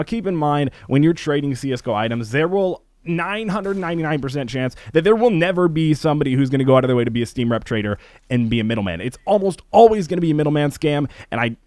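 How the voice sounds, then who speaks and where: A gaming YouTuber ranting in casual commentary, animated, laughing often and swearing while acting out what others say. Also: male voice, medium pitch, dry recording.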